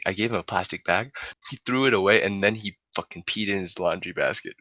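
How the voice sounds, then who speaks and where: A young adult man telling a story in casual chat, animated and laughing, swearing freely. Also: low-pitched, fast, no echo, dull audio.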